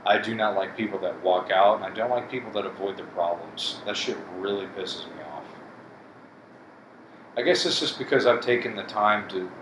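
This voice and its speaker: A man in a bitter, profane rant, with a somewhat low voice. He speaks bluntly to his viewers. The room rings with echo, and air conditioning hums steadily behind him. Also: moderate pace, noisy background. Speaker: vlogger. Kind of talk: casual monologue to camera.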